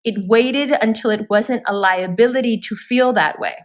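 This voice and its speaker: A woman's voice: on the high side, moderate pace. A woman giving a spoken tarot reading, talking straight to her viewers in an earnest, reassuring way. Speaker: tarot reader.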